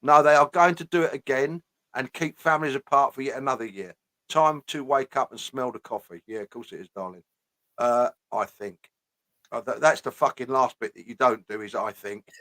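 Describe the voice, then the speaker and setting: Casting: blunt man, mid-pitched, dry close sound, casual ranting host. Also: normal speed, sharp tone, no echo. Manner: blunt, swears often, repeats "you know what I mean".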